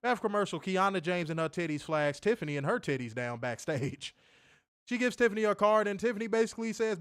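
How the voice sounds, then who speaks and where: A man casually reviewing a wrestling show on a livestream, animated and profane, full of slang, reading viewer chat aloud. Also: high-pitched, fairly quick, clean tone, dry recording, clean studio sound.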